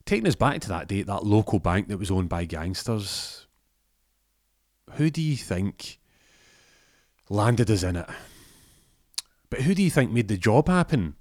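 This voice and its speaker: A man's voice: fairly low pitch, sing-song, a little slow, pauses often, a little mellow, no room sound, clean studio sound. A man voicing a smug, scheming male gangster who taunts his rival. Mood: gloating. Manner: gloating, taunting.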